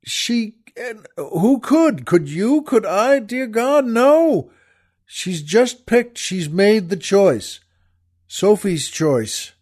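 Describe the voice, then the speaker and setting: A man's voice: sits high, big pitch swings, drawn-out words, darkish tone, slightly rough. A man hosting a radio talk show, retelling a film scene in a folksy, emphatic way and repeating himself as he gets carried away.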